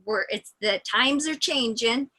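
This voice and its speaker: A woman with a bright, forceful voice answers as an interview guest on a video call. She sounds firm and considered, restarting a phrase here and there as she makes her point. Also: a little high, unhurried, rough recording. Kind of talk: opinion in interview.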